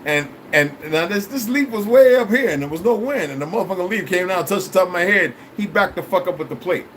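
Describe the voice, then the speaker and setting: Guy rambling on his livestream, kinda high voice, cussing a lot, straight talk, faint hum behind. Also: lively intonation, fast talker, fairly bright tone, low-quality recording. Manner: blunt, profane and preachy. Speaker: livestream host talking to viewers. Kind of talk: rambling casual livestream chat.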